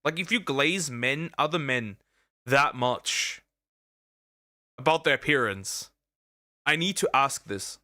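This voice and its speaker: A man's voice: mid-range voice, animated, slow, pauses often, pushed and bright, dry recording, clean studio sound. A young man streaming a reaction to a video, rambling and joking in slang with many restarts. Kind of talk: casual reaction commentary.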